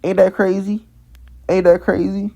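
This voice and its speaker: A man's voice: high voice, little pitch movement, a little slow, vocal fry, warm tone. A man delivering a heated vlog monologue, repeating lines over and over and stumbling into restarts. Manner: heated, repetitive, stammering restarts. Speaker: vlogger. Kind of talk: ranting monologue.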